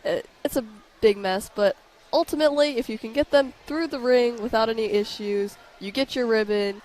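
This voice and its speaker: A young woman with a West Virginia accent, a youth fair princess telling lively stories as an interview guest. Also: normal speed, slight background noise, rough recording. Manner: animated storyteller, acts out quotes with raised pitch.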